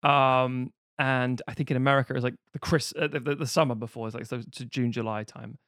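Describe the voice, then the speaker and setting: A British man co-hosting a casual film podcast, rambling into animated, sweary rants. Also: medium pitch, fast, dry recording, studio quality. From United Kingdom. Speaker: podcast co-host. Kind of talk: casual film review chat.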